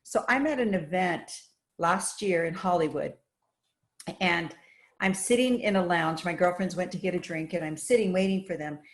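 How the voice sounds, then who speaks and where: A woman's voice: lowish voice, normal speed. A woman guest on a podcast, telling her stories with enthusiasm in a casual, run-on way. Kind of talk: casual interview storytelling.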